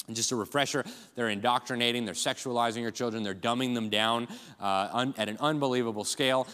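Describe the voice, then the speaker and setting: A fast, urgent man delivers a rallying speech from a conference stage. His voice rings out with a long hall reverb behind it. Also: mid-range voice, steady tone, fairly bright tone, clean tone. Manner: urgent, rallying, addresses crowd as folks. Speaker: conference speaker.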